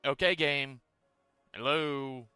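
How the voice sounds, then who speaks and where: A man's voice: medium pitch, takes it slowly, smooth, no room sound, soft background music. Tired man casually narrating his gameplay. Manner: relaxed, talks through his moves while playing. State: tired, yawning. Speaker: streamer.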